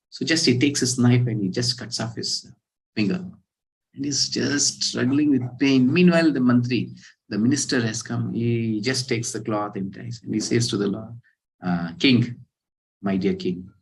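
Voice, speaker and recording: A man giving a scripture class, telling a parable in an animated way and acting out the characters' lines. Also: medium pitch, moderate pace, rough recording. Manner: animated storyteller, acts out quoted characters. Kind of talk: storytelling sermon.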